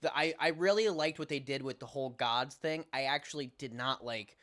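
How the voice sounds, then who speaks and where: A man's voice: mid-range voice, a little fast, fairly bright tone. Slangy, enthusiastic man co-hosting a podcast. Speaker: podcast co-host. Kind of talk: casual chat.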